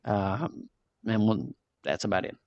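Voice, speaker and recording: A man's voice: fairly low pitch, measured pace, creaky, dry recording, muffled recording. Man hosting a podcast, dry sound. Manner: animated, ranting with restarts. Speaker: podcast host. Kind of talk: casual review chat.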